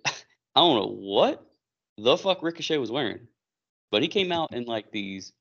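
A man co-hosting a casual chat show, retelling events with animated acted-out quotes. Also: fairly low pitch, gravelly. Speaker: podcast co-host. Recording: dull lo-fi recording.

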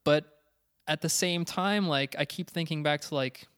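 A young man co-hosting a casual podcast chat, halting and thinking aloud with many fillers. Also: a little high, a bit bright, smooth. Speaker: podcast co-host.

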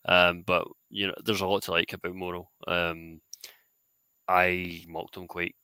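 A man's voice: low-pitched, little pitch movement, unhurried, bright, forceful tone, clean tone, no room sound. A man co-hosting a podcast, chatting casually about football players and laughing easily. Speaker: podcast co-host. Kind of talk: casual sports chat.

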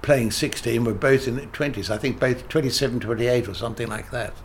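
An older theatre director shares emphatic anecdotes in an interview, frequently starting his sentences over. His voice is medium in pitch and brisk, with a slight hiss or hum on the recording.

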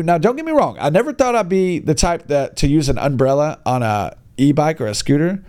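Animated ranting man, lively pitch. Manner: exasperated, animated ranting with minced swears. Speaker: vlogger giving e-bike riding tips. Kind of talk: casual ranting vlog.

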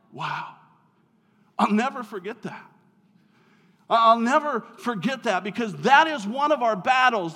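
A man's voice: very high voice, fairly bright tone. A male pastor preaching a sermon in a conversational, storytelling way with light humor, recorded in a church hall. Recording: long reverb of a large hall.

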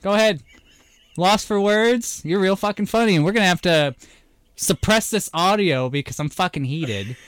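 A man's voice: normal speed, smooth. A young man co-hosting a casual podcast, ranting and swearing as he works himself up into mock fury. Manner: heated, ranting, swearing, swings loud and high when angry. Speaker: podcast co-host. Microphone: podcast microphone.

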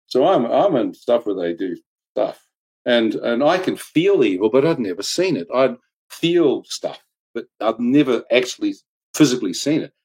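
A man's voice: medium pitch, very animated, normal speed, a little mellow, slightly rough, rough recording. A man telling a dramatic personal testimony in a loose, conversational way. He laughs often, drops in slang, and his voice jumps sharply upward whenever he acts out what someone said. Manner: colloquial slang, "mate", "flippin'". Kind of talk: animated personal storytelling.

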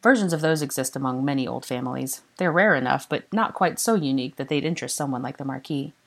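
A woman's voice: very deep voice, fast talker. A woman reading the part of a flamboyant, teasing young male wizard in an arch, drawling manner. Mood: dry.

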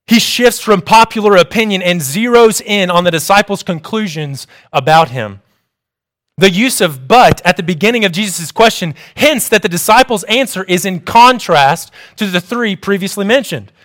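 A young man delivering a sermon, reading in a measured, explanatory way. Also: sits high, a bit bright. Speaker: preacher.

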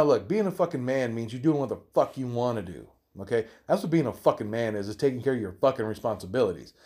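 A young man ranting hotly and profanely, stumbling over repeated words and jumping up in pitch when he gets worked up. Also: a little mellow. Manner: heated, swearing, repeating himself, rising pitch when worked up.

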